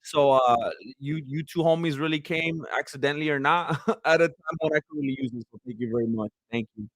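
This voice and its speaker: A young man with a high, bright voice hosts a casual livestream, bursting into laughter and exclamations as he reads out viewer comments. His voice is going hoarse from hours of talking. The sound is close and dry, with no room around it. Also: a little fast, dry recording. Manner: excitable, laughs often, trails into quieter sincere thanks. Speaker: livestream host. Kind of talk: casual live-stream chat reading viewer comments.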